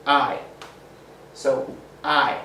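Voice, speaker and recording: A male teacher giving a phonics lesson to children, sounding out letters slowly and encouragingly. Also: mid-range voice, level tone, sharp tone, slight background noise. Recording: echoey room, mic at a distance.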